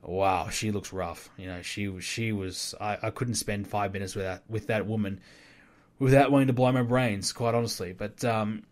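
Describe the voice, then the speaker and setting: A man's voice: fairly low pitch, steady tone, moderate pace. A man hosting a solo podcast, giving casual, opinionated commentary that rambles with fillers and restarts. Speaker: podcast host.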